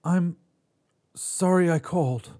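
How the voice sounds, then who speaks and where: A man's voice: high voice, slow, mellow, pitched above the performer's own voice. A man voicing a heartbroken young man who pleads with his ex, choked and breathless. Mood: pleading.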